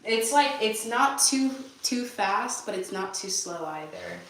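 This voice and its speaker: A young woman with a Californian accent chatting casually while she cleans her bathroom, rambling and answering viewer questions out loud. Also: fairly high pitch, lively intonation, a little slow, distant mic, a little hiss or hum. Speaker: vlogger. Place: bathroom at home. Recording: echoey bathroom, voice from afar.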